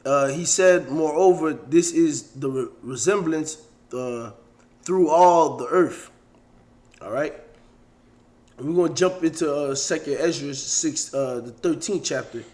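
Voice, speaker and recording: A man leading a casual scripture study, blunt and coarse, slowing down to read verses aloud. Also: on the high side, a little mellow. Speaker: scripture teacher.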